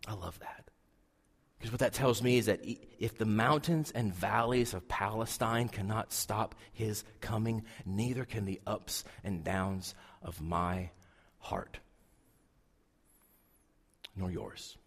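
A man preaching a sermon to a congregation, swinging from loud emphasis down to hushed, near-whispered lines. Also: fairly low pitch, a little slow, gravelly, husky. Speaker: pastor. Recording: long hall reverb.

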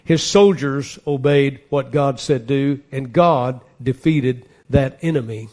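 A man's voice: mid-range voice, takes it slowly, darkish tone. A man preaching a sermon, reading scripture aloud and building to earnest emphasis. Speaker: pastor.

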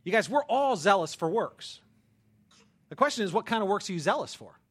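A man preaching a sermon in a lively, conversational way, often checking in with the congregation. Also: high voice, brisk, breathy edge. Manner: animated, conversational preaching with frequent "right?". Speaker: pastor.

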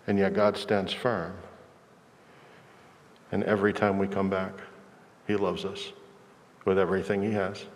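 Reflective pastor, low voice. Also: male voice, flat delivery, measured pace, pauses often, slight background noise. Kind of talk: sermon. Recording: long hall reverb.

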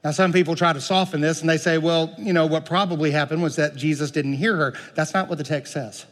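A male pastor preaching a sermon, swinging from loud, emphatic peaks to quiet, low asides and asking the congregation questions. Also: fairly even intonation, a little fast, big-room sound. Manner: dynamic preaching, rising loud then dropping soft, asks the congregation questions. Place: church sanctuary.

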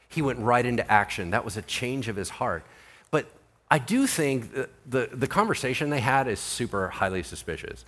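A male pastor preaching a sermon in an animated, conversational way, full of rhetorical questions. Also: medium pitch, moderate pace.

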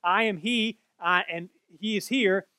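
A man's voice: sits high, a little slow, pushed and bright, clean tone, no echo. A man explaining a Bible passage in an earnest way, often correcting himself mid-sentence. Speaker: Bible teacher.

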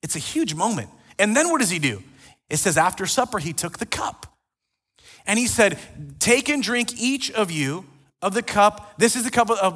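A man preaching a sermon as a pastor, retelling scripture in an animated storytelling way. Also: extremely high pitch, normal speed. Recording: long reverb of a large hall.

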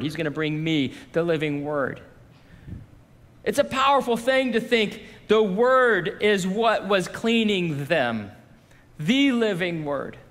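A man preaches to his congregation in a loose, conversational way, stepping into quoted voices as he goes. His voice sits high for a man. The sound carries a long reverb from a large hall. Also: a bit bright. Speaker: pastor. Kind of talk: sermon.

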